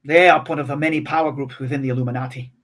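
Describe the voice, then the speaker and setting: A man voicing a frail, excitable old male scholar with a malformed mouth, who is fussy, stammers, and keeps saying "yes". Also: mid-range voice, racing, close to an everyday voice, rough recording. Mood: conspiratorial.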